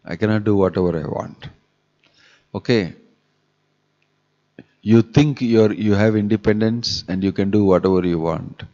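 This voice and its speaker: A man's voice: lowish voice, mellow. A man, a monk, giving a sermon on scripture, reciting Sanskrit verses and repeating key phrases with rhetorical questions. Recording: dull lo-fi live webcast audio.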